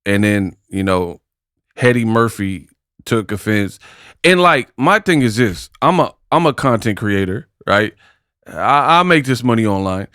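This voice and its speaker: A man's voice: lowish voice, sing-song, unhurried, fairly bright tone, clear, resonant tone, no room sound, clean studio sound. Mocking man giving slangy boxing commentary. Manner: mocking, slangy, laughs at clips. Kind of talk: casual commentary reacting to clips.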